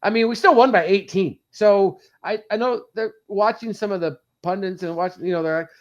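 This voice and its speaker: A man co-hosting a sports podcast, talking fast and heatedly as a fan in casual chat. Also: sits high, muffled recording. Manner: animated, ranting fan, quick bursts. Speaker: podcast co-host.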